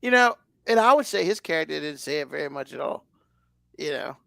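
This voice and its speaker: A podcast co-host with a fairly high, gravelly, fairly bright voice chats casually, animated and brisk. His talk is loose and rambling, packed with fillers, and the recording is clean studio sound without echo.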